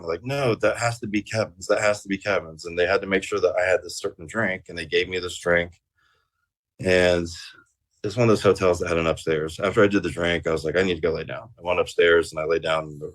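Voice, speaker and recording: A man guest on an interview show, telling a rambling story casually with plenty of swearing and fillers. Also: low-pitched. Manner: rambling and profane, with many fillers.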